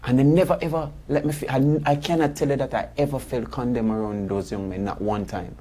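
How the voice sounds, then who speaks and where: Guy in a studio interview, mid-pitch voice, storytelling, lots of "you know". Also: steady tone, brisk, dark tone. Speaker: guest musician. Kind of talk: casual interview chat. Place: radio studio.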